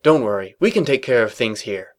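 A man voicing a caring older brother stallion pony in a concerned, steady manner. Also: mid-range voice, brisk, natural voice.

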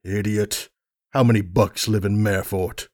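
A man reading a fan story, voicing a scheming stallion warlord who speaks quietly and cuttingly. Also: lowish voice, fairly even intonation, moderate pace, dry recording, studio quality, lightly acted. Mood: cold contempt.

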